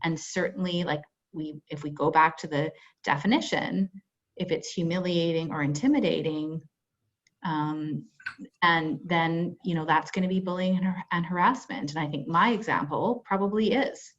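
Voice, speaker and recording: A woman workplace trainer talks through a webinar in a loose, conversational way, full of "you know" and little acted-out dialogues. Her voice sits on the low side. The call audio is dull and lo-fi. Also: normal speed, fairly bright tone. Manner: conversational, filler-heavy, acts out example dialogue. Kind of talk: webinar presentation. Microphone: video call.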